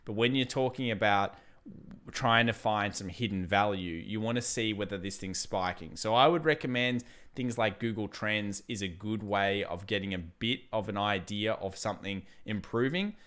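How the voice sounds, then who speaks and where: Smooth-voiced man, casual market chat. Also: on the low side, moderate pace, fairly bright tone. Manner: casual, chatty, laughs easily; thinks aloud with restarts. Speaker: livestream host. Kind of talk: live market commentary.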